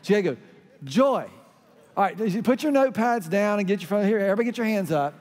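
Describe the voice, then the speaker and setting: High-voiced pastor preaching in a hall. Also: male voice, expressive, very fast, a little mellow. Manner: storytelling, leads the crowd in call-and-response. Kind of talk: sermon. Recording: hall reverb.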